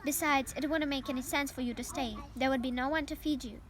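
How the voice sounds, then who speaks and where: A young woman voicing a wise, gentle female spider who speaks softly and steadily, reading a storybook aloud. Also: high voice, fairly even intonation, a little fast, lightly acted. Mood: tender.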